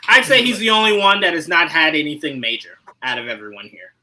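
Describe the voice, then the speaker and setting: Bright-voiced animated man, podcast host. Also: fast talker, poor audio. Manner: animated, laughing, swings from low asides to loud outbursts. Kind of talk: casual chat.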